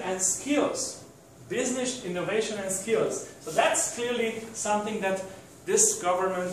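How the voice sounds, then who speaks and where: A man's voice: a little high, slight background noise. A man giving a university lecture, hesitant, with many fillers and restarts. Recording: very echoey room from far off.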